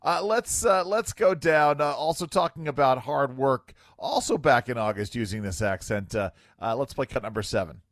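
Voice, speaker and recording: Animated man hosting talk radio. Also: medium pitch, normal speed, hardly any pauses, dry recording. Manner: wry, animated, filler-heavy. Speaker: radio talk show host. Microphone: studio microphone.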